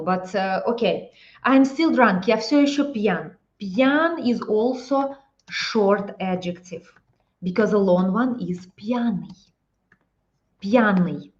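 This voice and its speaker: A woman with a Russian accent teaching a live-stream lesson, explaining slowly, repeating phrases and checking in with "yeah?". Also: on the high side, a little mellow, lo-fi sound.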